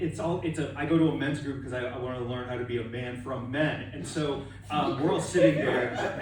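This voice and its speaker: Rambling male stand-up comic in an echoey club. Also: fairly high pitch. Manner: rambling, self-deprecating, trailing off. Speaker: stand-up comedian. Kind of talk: stand-up set. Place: comedy club with live audience. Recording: echoey room, mic from a distance, loud crowd laughter.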